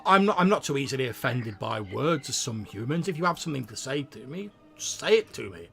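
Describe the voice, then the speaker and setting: Guy doing a blunt proud scout woman, not human, insistent, bit gravelly. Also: mid-range voice, very animated, fairly bright tone, faint music behind. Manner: brisk, insistent, matter-of-fact.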